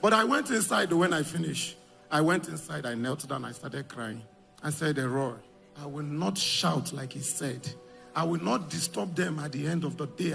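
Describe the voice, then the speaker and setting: Guy testifying at church, high bright voice, gravelly edge, gets loud and emotional. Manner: emotional, shouting at peaks.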